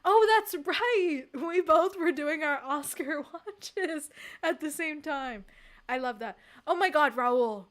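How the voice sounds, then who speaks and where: A woman with a high, bright, sharp voice, chatting casually on a livestream and answering her chat. She talks emphatically and expressively, with frequent laughter. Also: takes it slowly. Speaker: streamer.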